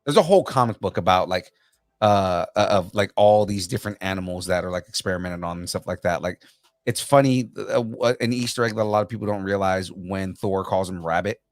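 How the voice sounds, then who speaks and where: Rambling low-voiced podcast guy. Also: dry recording. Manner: rambling, halting, lots of fillers. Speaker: podcast co-host. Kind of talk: casual pop culture chat.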